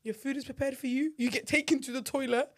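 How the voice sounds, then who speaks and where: A woman's voice: sits high, quick pace. A young mother, chatting casually and expressively about her son, with slangy phrasing. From United Kingdom. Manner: expressive, slangy, drops into near-whispers when quoting. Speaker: podcast co-host. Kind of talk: casual chat.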